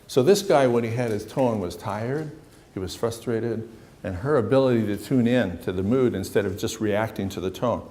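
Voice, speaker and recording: A man's voice: lowish voice, normal speed, dark tone. A middle-aged man, a psychologist leading a seminar, talking casually to a room and acting out little stories. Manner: conversational, acts out dialogue with anecdotes. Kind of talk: seminar lecture to a live room.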